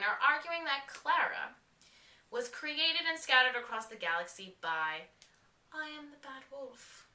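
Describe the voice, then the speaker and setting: Bright excitable woman reviewing TV. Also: mid-range voice. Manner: excitable, slangy and swearing, acts out quotes. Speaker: TV episode reviewer. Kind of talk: casual spoken review. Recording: roomy echo, mic a bit distant.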